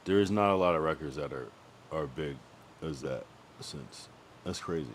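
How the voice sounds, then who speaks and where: A young man on a livestream, chatting loosely and cursing freely as he rambles. His voice sits very low. A soft hum of room ambience runs underneath. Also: moderate pace. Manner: rambling, profane, thinks aloud about music. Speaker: streamer. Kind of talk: casual livestream chat.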